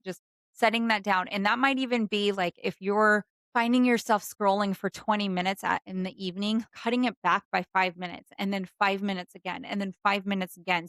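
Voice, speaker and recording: A woman's voice: medium pitch, dry recording. Earnest woman wellness host, dry sound. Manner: earnest, gentle, repeats phrases for emphasis. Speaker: podcast host and doctor. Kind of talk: faith-based wellness talk.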